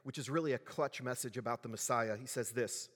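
In the echo of a large hall, a man preaches as pastor, his medium-pitched voice brisk and a touch bright. His sermon is conversational, and he often asks the congregation questions.

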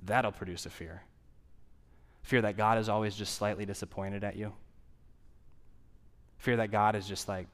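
A man's voice: on the low side, steady tone, moderate pace, long pauses. A man preaching a sermon in a conversational way, asking the audience questions and repeating key phrases for emphasis.

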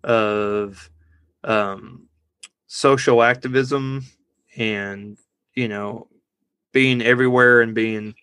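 A man talking through a movie on a podcast, his voice bright and forward with a dry, close sound. He rambles, loses his thread, and cracks up at his own dad jokes. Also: medium pitch, fairly even intonation, very slow, long pauses, clean tone, dry recording. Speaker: podcast co-host. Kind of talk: casual movie review chat.

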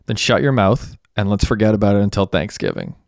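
Young clerk, blunt and exasperated, swears freely, read by a man with a low, smooth voice. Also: fairly quick, dry recording, clean studio sound. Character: young male store clerk, rattled and blunt.

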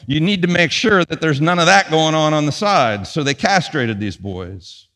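Lively preaching man in a reverberant hall. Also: a little high, normal speed. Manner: lively preaching, punchy emphasis and sudden quiet asides. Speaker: pastor. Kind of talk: sermon. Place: church sanctuary.

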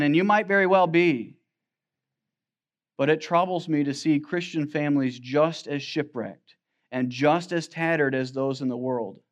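A man's voice: fairly high pitch, muffled recording. A man preaching a sermon as pastor, quoting scripture in old-fashioned wording.

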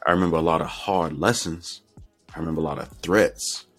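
Middle-aged male guest, low husky voice, candid and reflective, acts out old conversations. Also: a little fast, a bit bright, soft background music. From Florida. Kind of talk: personal storytelling.

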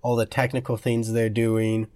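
A young man talks casually as a podcast co-host, walking through his points in order. His voice sits at an ordinary middle pitch and is recorded dry and close. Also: level tone, moderate pace, a little mellow, dry recording. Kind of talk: casual chat.

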